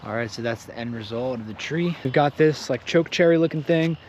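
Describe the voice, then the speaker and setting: A man's voice: medium pitch, a little fast, darkish tone, lo-fi sound, slight background noise. A man casually vlogging outdoors, chatty and joking as he explains planting trees. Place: outdoors in fields.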